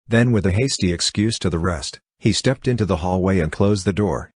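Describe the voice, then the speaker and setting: A man reading a classic novel aloud as an audiobook narrator, in an even, measured way. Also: sits low, husky, no echo, studio quality. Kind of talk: scripted narration.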